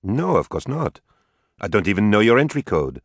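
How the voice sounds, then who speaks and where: In a storybook reading, an earnest, searching wife presses her husband with one question after another, as a man voices her in a raised voice. Her deep-set delivery stays dry and close, with no room around it. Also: very animated, normal speed, no echo.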